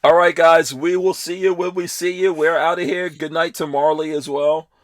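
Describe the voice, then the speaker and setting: A man's voice: a little high, steady tone, normal speed, no room sound. A man hosting a podcast, chatting casually and signing off the show to his listeners, laughing easily. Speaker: podcast host. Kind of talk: casual chat and show sign-off.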